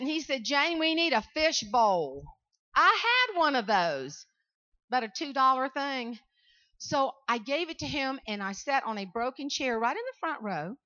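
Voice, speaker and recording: A woman from South Carolina with a Southern accent gives an animated motivational speech to students and keeps calling out to the audience. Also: a little high, dull audio. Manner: animated storytelling, calls out to the audience. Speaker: motivational speaker.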